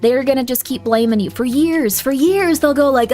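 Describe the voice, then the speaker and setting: A woman's voice: sits high, animated, moderate pace, few pauses, faint music behind. A young woman streaming a game, giving viewers motherly advice in a put-on southern drawl and calling them honey. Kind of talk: casual livestream chat.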